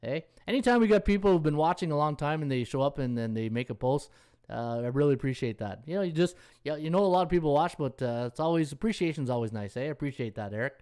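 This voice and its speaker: This fast-talking host of a casual sports betting live stream has a slightly high voice with lively intonation and a darkish, clear, resonant tone. A handicapper, he rambles and thinks aloud over stats as he scrolls, reading out viewer comments and thanking viewers.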